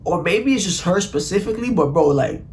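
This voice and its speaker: A young man telling a profane, animated story in a casual vlog, full of "like" and "bro.". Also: high-pitched, a little fast, slight background noise. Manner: animated, profane, slang-heavy, constant "like" and "bro".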